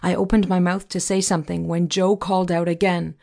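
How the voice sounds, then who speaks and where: Woman audiobook narrator, low gravelly voice, measured first-person reading. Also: level tone, mellow.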